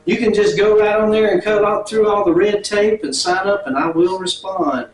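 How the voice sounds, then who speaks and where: A high-pitched man delivers deadpan comic sermons and bursts of song. His voice carries the echo of a big room, heard from a little way off the mic. Guitar plays steadily behind him. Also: normal speed, distant mic. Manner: drawling comic preacher, breaks into song. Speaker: comedian guest. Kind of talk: stand-up comedy song with guitar.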